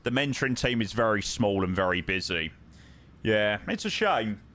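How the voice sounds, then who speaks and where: A man's voice: fairly low pitch, lively intonation, moderate pace, fairly bright tone. A young man streaming a flight sim, chatting casually and joking with viewers. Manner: chatty and joking, sings along to music. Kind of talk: casual chat.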